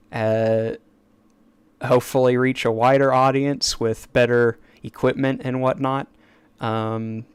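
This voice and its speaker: A man's voice: medium pitch, smooth, no room sound. A man chatting on a casual live stream at his desk mic, rambling and eager, with stammered restarts and asides. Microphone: desk microphone.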